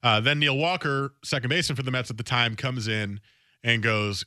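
A male sports radio host giving a casual, opinionated monologue from the studio. His voice is bright and forceful, and the sound is dry and close. He often repeats words mid-thought. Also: mid-range voice, fairly even intonation, a little fast, no echo.

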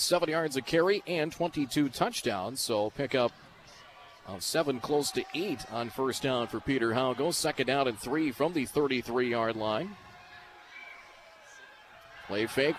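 A man calling a football game as play-by-play announcer on radio, rattling off yard lines quickly and shouting on big plays. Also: medium pitch. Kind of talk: radio sports commentary. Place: stadium broadcast booth. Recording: radio broadcast with steady noise.

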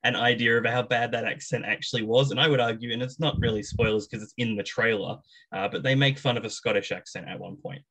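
Relaxed man reviewing a film. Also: medium pitch, fast, few pauses, low-quality recording. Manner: relaxed, rambling with fillers. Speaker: co-host of a gaming show. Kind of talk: casual review chat.

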